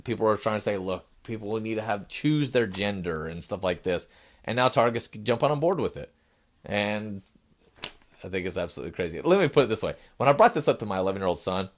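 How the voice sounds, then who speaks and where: A middle-aged man hosting a satirical news show, acting out shoppers and clerks and sometimes fumbling and restarting his lines. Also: fairly low pitch. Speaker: host.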